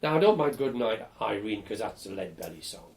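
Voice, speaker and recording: An older man recounts his student years in an oral history interview. He talks in a lively, animated way and is blunt, swearing freely. His voice sits fairly low. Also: a little fast, gravelly, a little hiss or hum.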